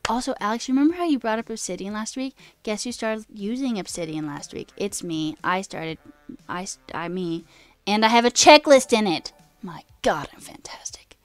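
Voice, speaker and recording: A woman's voice: lively intonation, normal speed, dry recording. Chatty self-deprecating woman streamer. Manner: pitch leaps high mid-sentence. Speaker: coding streamer. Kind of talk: casual live-stream chat.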